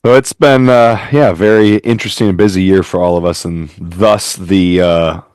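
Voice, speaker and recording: A man's voice: low voice, steady tone, normal speed, darkish tone, clear, resonant tone, no room sound, clean studio sound. A man hosting a casual podcast chat over a remote call, rambling and making self-mocking jokes. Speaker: podcast host.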